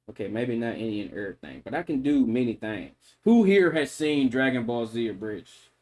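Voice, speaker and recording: A man, a streamer, chatting casually on a livestream in an animated, mock-solemn lecturing way. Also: medium pitch, a little fast, hardly any pauses. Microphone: microphone.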